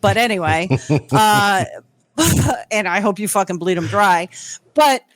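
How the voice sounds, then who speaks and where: A woman's voice: mid-range voice, lively intonation, takes it slowly, no echo. A woman co-hosting a podcast, telling a story casually and profanely, acting out what others said. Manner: profane, acts out others' quotes. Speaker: podcast co-host.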